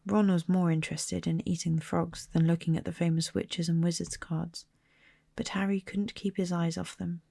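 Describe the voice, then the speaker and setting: A woman reads a story softly and slowly, often dropping into a whisper, in ASMR style. Her voice is low, dark and gravelly. The sound is dry and close. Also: little pitch movement, dry recording. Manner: soft, slow, partly whispered. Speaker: storybook reader. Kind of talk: soft ASMR storybook reading.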